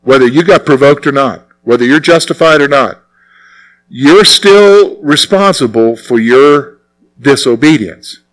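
A man's voice: mid-range voice, a little slow, low-quality recording. A male preacher giving a conversational sermon, full of rhetorical questions and emphatic repetition. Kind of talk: expository sermon.

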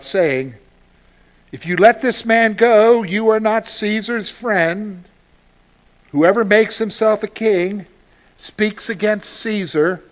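A man preaches a sermon in an emphatic, rising and falling manner, his voice sitting a little higher than most men's. He reads scripture aloud and pauses to answer questions he puts to himself. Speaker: pastor.

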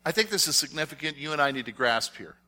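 A man's voice: on the high side, lively intonation, fast, sharp tone. A man giving a conversational sermon as a pastor, explaining step by step and often checking whether everyone understands. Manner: explains step by step, asks the audience rhetorical check-in questions. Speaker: pastor teaching a Bible study.

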